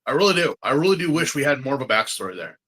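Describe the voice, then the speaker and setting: Bright-voiced man in chatty podcast talk. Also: mid-range voice, big pitch swings, racing, slightly rough. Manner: rambling, chatty, lots of fillers and restarts. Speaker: podcast co-host. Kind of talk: casual chat.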